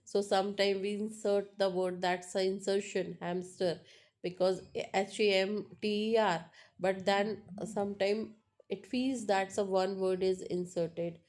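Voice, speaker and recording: Woman, lecturing teacher, unhurried delivery, repeats and pauses often. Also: medium pitch, fairly even intonation, a little mellow. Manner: slow and repetitive, explaining with many pauses and fillers. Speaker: English teacher. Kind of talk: classroom lecture.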